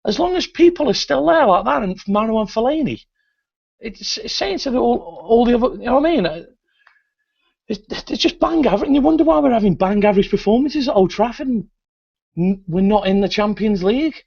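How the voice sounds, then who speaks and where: A Mancunian man with a high, lively voice that swings up and down as he rants. He talks bluntly and swears often, like a fed-up football fan on a talk show. The audio is dull and lo-fi. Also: fairly quick, vocal fry, breathy edge. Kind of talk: heated fan rant.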